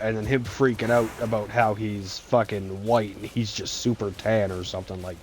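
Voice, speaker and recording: A man's voice: lowish voice, steady tone, moderate pace, hardly any pauses, slight background noise. A man casually telling a rambling, profanity-filled story while gaming, with laughs breaking in often. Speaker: game streamer.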